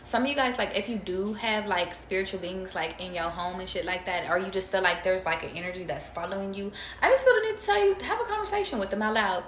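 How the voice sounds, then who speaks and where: A woman's voice: mid-range voice, lively intonation, fast, few pauses, fairly bright tone, slight background noise. A woman giving a casual tarot reading to viewers, chatty, slangy and freely profane as she talks to them directly. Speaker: tarot reader. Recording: roomy echo.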